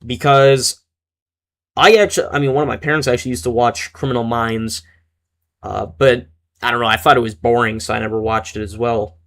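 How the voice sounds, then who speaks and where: A man's voice: medium pitch, steady tone, normal speed, fairly bright tone. A young man giving casual, rambling commentary while playing a strategy game and reading chat aloud. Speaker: gaming streamer.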